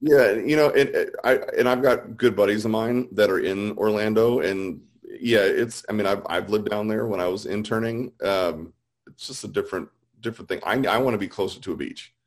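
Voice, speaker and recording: A man's voice: on the low side, a little fast. A man in his forties from Illinois, chatting casually and animatedly, with frequent restarts. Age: 40s. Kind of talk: casual chat.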